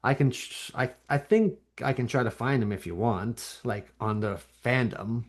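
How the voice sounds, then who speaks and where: A man from Canada hosting a casual interview, speaking softly with hesitant restarts. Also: medium pitch, moderate pace. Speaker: host. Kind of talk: casual video call interview.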